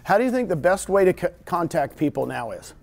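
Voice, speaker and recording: Middle-aged Texan man, higher voice, animated seminar presenter, talks to a live room. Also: fairly quick, gravelly. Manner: animated storyteller, jokes with audience. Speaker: real estate trainer. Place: meeting room with audience.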